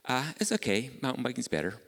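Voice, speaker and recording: A man's voice: medium pitch, very animated, fast, a bit bright, big-room sound. A middle-aged man, preaching a sermon in an earnest, conversational way, full of rhetorical questions. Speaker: pastor. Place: church.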